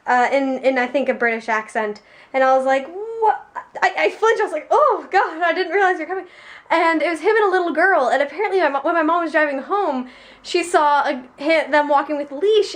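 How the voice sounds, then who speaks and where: A young woman chatting casually to camera in a vlog, rambling and laughing as she talks. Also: high-pitched. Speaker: vlogger.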